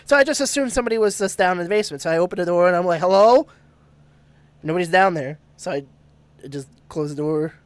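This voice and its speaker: A man's voice: high voice, very fast, dry recording. A man telling a ghost story on a podcast, laughing often and swearing freely. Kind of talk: casual storytelling.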